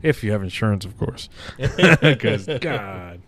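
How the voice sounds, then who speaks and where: A man's voice: fairly low pitch, animated, slow, a bit bright, no echo. A young man from Mexico hosting a podcast, chatting casually, swearing a lot and laughing often. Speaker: podcast host. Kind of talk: casual chat.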